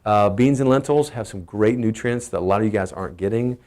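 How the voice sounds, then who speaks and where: A middle-aged man with a Texan accent gives a casual, energetic family health talk, asking his listeners questions as he goes. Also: lowish voice, fairly quick. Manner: energetic, emphatic, asks the audience questions.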